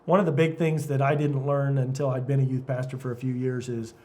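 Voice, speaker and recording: A middle-aged man, a youth pastor, telling stories in a casual podcast chat, lively and laughing often. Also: medium pitch, a little fast. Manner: animated storyteller, laughs often.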